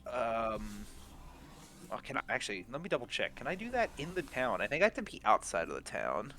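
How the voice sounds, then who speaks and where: A man playing a tabletop game, chatting casually in a halting, stammering way. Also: mid-range voice, huge pitch swings, sharp tone, a little hiss or hum. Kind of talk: casual chat.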